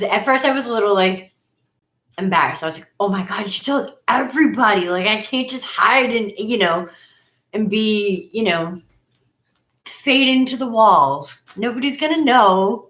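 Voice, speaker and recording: A woman's voice: normal speed, a bit bright. New lady chatting on a webcam stream, gushy and rambling, roomy echo. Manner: chatty and effusive, often acts out her own past lines in a higher voice. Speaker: live stream host. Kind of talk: casual live-stream chat. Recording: echoey room sound.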